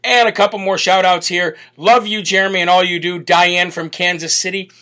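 American male host, bright and punchy, upbeat chatty shout-outs to viewers. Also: sits high, fairly even intonation, normal speed. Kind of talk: live show reading viewer comments.

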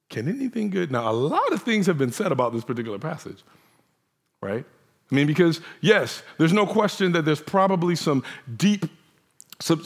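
Animated man preaching conversationally. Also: mid-range voice. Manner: conversational preaching, animated, acts out quoted voices. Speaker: pastor. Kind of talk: sermon.

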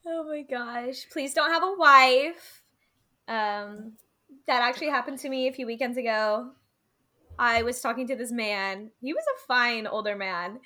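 A young adult woman co-hosting a podcast, chatting in an animated way with exclamations and laughter. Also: fairly high pitch, unhurried. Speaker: podcast co-host. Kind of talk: casual chat.

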